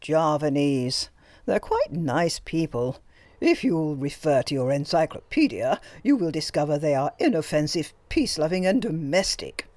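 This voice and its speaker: A woman reading an audiobook voices a domineering older princess who speaks slowly, coldly and sarcastically. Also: low-pitched, lively intonation, darkish tone, dry recording. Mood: sarcastic. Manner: slow, cold, sarcastic. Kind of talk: audiobook character voice.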